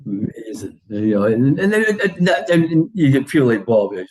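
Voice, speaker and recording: A man's voice: medium pitch, very animated, normal speed, a little mellow, poor audio. A man in his sixties with an English accent, a former footballer telling dressing-room stories in a casual interview, full of laughs and quoted voices.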